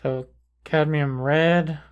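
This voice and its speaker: A man calmly talking through a portrait painting tutorial, thinking aloud as he paints. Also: fairly high pitch, clean tone, muffled recording. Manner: calm, unhurried, thinking aloud while painting. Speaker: painting instructor. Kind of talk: relaxed painting tutorial narration.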